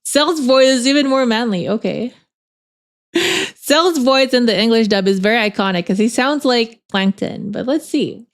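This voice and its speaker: A woman's voice: a little high, lively intonation, normal speed. A woman streamer in casual chat, rambling and chatty, laughing often with lots of filler words.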